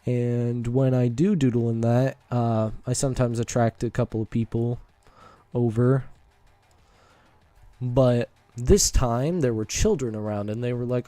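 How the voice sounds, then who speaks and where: A man's voice: medium pitch, lively intonation, a little slow, mellow, no room sound. A teenage boy streamer telling a casual, rambling story, full of fillers and asides.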